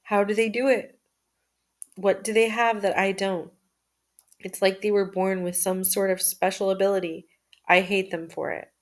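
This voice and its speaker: In a medium-pitched voice, a woman reads a first-person journal aloud. She holds a calm, steady pace, occasionally starting a line over.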